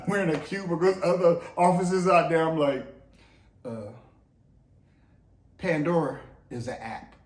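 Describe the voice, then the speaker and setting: Man, casual co-host storyteller, animated and profane, echoey room. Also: fairly high pitch, takes it slowly, long pauses. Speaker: co-host, husband.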